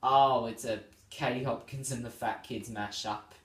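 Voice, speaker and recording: Speaking a little slowly in a steady, mid-range voice, a weary vlog host yawns as he reads tweets aloud, laughing frequently between them in casual chat. The audio is roomy, with him sitting distant from the microphone.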